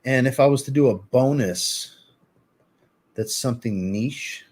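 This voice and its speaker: A man hosts a fragrance live stream, reviewing scents in relaxed, chatty talk and answering viewers' chat. His voice is mid-range and unhurried.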